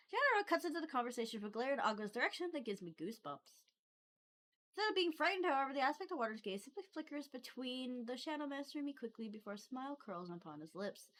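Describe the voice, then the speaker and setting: A young woman streaming from home, reading a visual novel aloud with giggly, expressive reactions on a desk microphone. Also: sits high.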